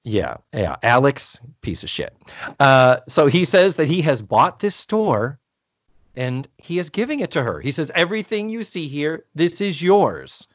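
His voice is on the high side and sing-song, and he talks a little slowly while co-hosting a podcast. He casually recaps a TV episode, acts out characters' lines and swears freely, in a dull, lo-fi, dry recording with no echo.

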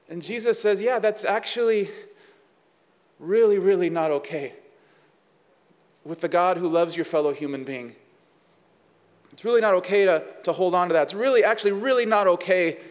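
High-voiced pastor preaching in a hall. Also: male voice, normal speed, pauses often. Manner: conversational, with many fillers and asides. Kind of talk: sermon.

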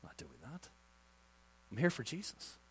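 A male pastor preaching a sermon with passion, dropping to a hush and then rising to loud emphasis. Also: mid-range voice, big pitch swings, moderate pace, breathy edge. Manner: impassioned, swings from hushed to loud emphasis.

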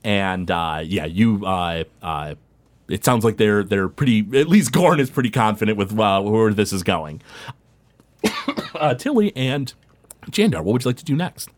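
A man's voice: lowish voice, animated, normal speed. A man narrating as game master of a tabletop role-playing game, rambling with many fillers. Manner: rambling, full of fillers, drops briefly into character voices.

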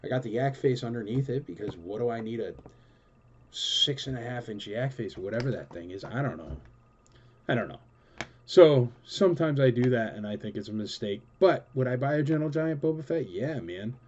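A man's voice: mid-range voice, lively intonation, moderate pace, darkish tone, dull audio, slight background noise. A man hosting a collector show, answering viewer questions in a rambling, enthusiastic, casual way with lots of fillers. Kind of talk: casual chatty Q&A.

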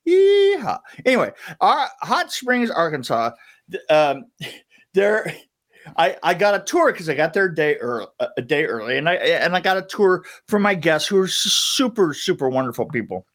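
With a fairly high, slightly bright voice, a middle-aged man spins a casual story as a podcast guest, speaking at normal speed and with plenty of expression. He wanders, trips over restarts, and laughs at himself along the way.

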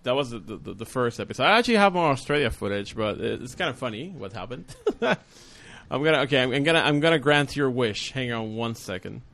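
A man's voice: medium pitch, lively intonation, brisk, gravelly, fairly bright tone. A man hosting a casual vlog, joking and goading his guests. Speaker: vlog host. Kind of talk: casual chat.

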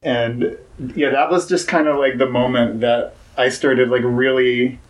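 A man's voice: medium pitch, fairly even intonation, a little slow, poor audio. A young man as a podcast guest, talking casually with many fillers and restarts.

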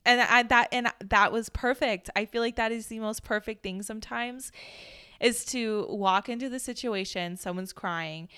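A woman's voice: a little high, normal speed, pushed and bright, clean tone, dry recording, clean studio sound. A woman from the Chicago suburbs, co-hosting a podcast and chatting casually, telling stories with lots of fillers. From Chicago suburbs, USA. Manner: chatty, storytelling with many fillers and laughs. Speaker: podcast co-host. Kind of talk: casual chat.

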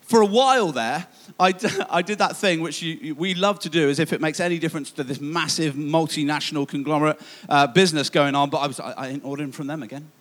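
A man's voice: fairly high pitch, fast talker, hardly any pauses, fairly bright tone. A man preaching a sermon, telling a self-mocking personal story with many restarts and asides. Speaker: pastor.

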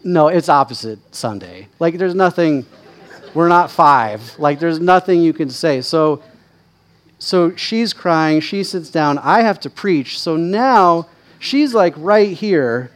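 A man preaching as a pastor, telling stories in a candid, self-deprecating, conversational way, often checking in with his listeners and getting louder and higher when excited. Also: slow pace. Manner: candid, self-deprecating, chatty with frequent "right?" asides; lively, rising in pitch and volume when excited. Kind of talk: conversational sermon storytelling.

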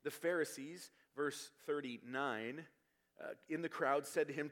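A man's voice: fairly high pitch, measured pace, fairly bright tone. A man preaching a sermon, explaining scripture verse by verse and building to emphatic passages. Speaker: pastor.

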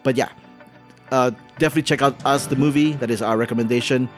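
A man's voice: medium pitch, fairly even intonation, fast, faint music behind. A man hosting a podcast, chatting casually and prompting his co-host with questions.

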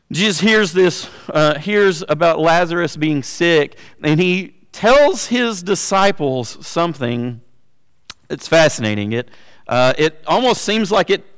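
High-voiced man preaching in a large hall. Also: fairly bright tone, clean tone. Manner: conversational, with fillers and slowed emphasis on key words. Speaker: pastor. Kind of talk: sermon.

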